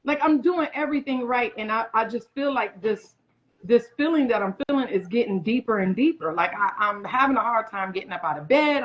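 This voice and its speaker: A woman in her forties, a guest chef, telling a story in a casual interview and acting out other people's lines in quoted voices. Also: mid-range voice. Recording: muffled lo-fi audio.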